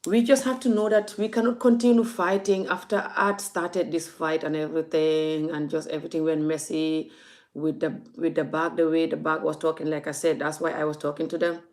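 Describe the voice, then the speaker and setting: A woman's voice: deep voice, flat delivery, fairly quick, darkish tone. A woman vlogging into her phone, emphatic and laughing, often repeating her words. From Gambia. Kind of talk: casual ranting vlog.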